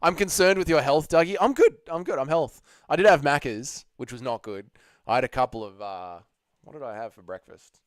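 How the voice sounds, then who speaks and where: An Australian man hosting a livestream, hungover and low on energy, chatting casually, swearing, and reading viewer messages. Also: animated, brisk, no echo, clean studio sound. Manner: laid-back, sweary, laughs easily. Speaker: livestream host.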